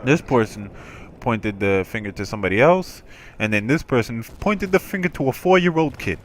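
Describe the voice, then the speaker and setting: A man chatting over gameplay in an easy, rambling way, stumbling and restarting as he tells his story. His voice sits at an ordinary male pitch, with faint background noise under the recording. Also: expressive, moderate pace. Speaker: gameplay commentator. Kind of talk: casual game commentary storytelling.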